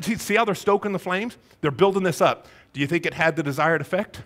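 A man preaching a sermon as pastor, telling a Bible story in a conversational, animated way and acting out the characters with rhetorical questions to his congregation. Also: fairly high pitch, a little fast, hardly any pauses.

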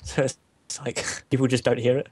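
A man's voice: mid-range voice, level tone, a little fast, a little mellow, slightly rough, no room sound. A young Englishman with a southern English accent from Kent, chatting while gaming, laughing often and swearing freely. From England. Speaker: gamer. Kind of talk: casual chat while gaming.

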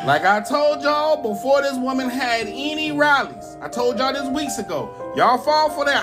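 A man's voice: extremely high pitch, lively intonation, moderate pace, few pauses, over music. A man in a commentary clip, talking bluntly and mockingly with profanity.

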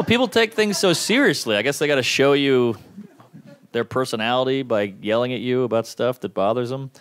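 Guy doing standup on a club mic, deadpan jokes, bouncy pitch, crowd roaring behind. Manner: deadpan one-liners with quick acted-out quotes. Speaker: stand-up comedian. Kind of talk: stand-up comedy set. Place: comedy club stage. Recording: live club recording with crowd noise. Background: audience laughing.

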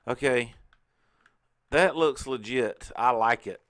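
A man's voice: medium pitch, slow pace, a bit bright. A man hosting a casual let's play, chatting and talking to himself as he plays. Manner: chatty, talks to himself while playing. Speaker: gaming channel host.

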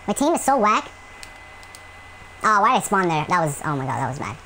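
A man's voice: high-pitched, very animated, brisk, long pauses, noisy background. A man giving gameplay commentary at home, rambling with many fillers and breaking into yelps and rants at the game. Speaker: gaming channel host.

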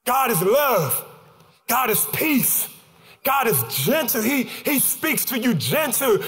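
A man preaching a sermon as pastor, calling out to the congregation and swinging into sung, shouted cadences. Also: very high-pitched, big pitch swings, takes it slowly. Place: church sanctuary. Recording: church hall reverb with music behind.

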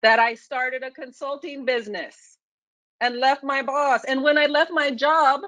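Woman, animated storyteller, higher voice, dry close sound, video call. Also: moderate pace, no room sound, low-quality recording. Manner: animated, acts out her own and others' lines. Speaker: featured speaker.

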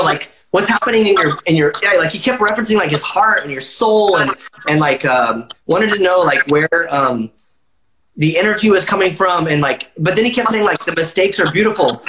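A man's voice: fairly high pitch, animated, brisk, echoey room, background noise. A man guest telling a casual story in an interview, rambling with lots of filler words and swearing freely. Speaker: musician guest. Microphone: livestream phone or video call.

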